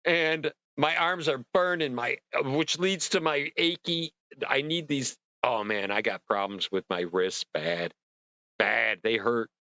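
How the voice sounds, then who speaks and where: A middle-aged man hosting a livestream, telling a long, animated story in casual chat and swearing freely as he acts out his own rants. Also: mid-range voice, takes it slowly, no room sound, dull audio. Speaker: livestream host.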